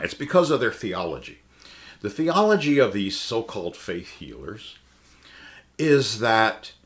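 A man's voice: on the low side, sharp tone. A man teaching the Bible in a conversational sermon, emphatic and full of rhetorical questions. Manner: emphatic, asks the listeners many rhetorical questions.

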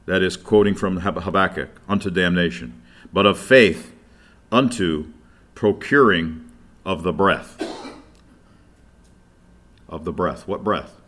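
A man's voice: on the low side, fairly bright tone. Man, middle-aged, preacher, sermon, emphatic scripture reading, rhetorical questions.

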